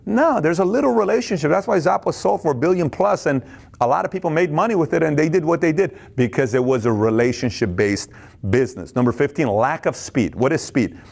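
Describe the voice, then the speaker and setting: A man giving an intense, high-energy business talk, who acts out little scenes of dialogue and sometimes stammers and repeats words. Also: animated, brisk, gravelly, a little mellow. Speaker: business speaker.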